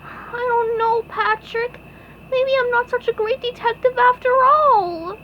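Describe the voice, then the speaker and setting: SpongeBob, a woman doing a squeaky eager sponge. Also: a little slow, highs cut off, a little hiss or hum. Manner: squeaky and earnest, stammers when scared. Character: cheerful eager young male sea sponge detective.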